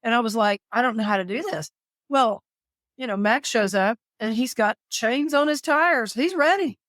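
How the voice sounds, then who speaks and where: A woman from the southern United States, a caregiver and author, telling a story as an interview guest in an animated, dramatic way, quoting herself with sudden high voices. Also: moderate pace, no echo, clean studio sound.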